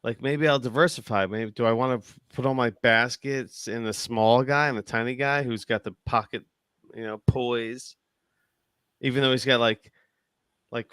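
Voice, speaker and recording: An excitable man hosts a loose podcast chat, laughing and swearing as he quizzes his panel. His voice is bright and crisp, and the close mic sounds dry, with no room around it. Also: mid-range voice, dry recording. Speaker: podcast host. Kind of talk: casual chat.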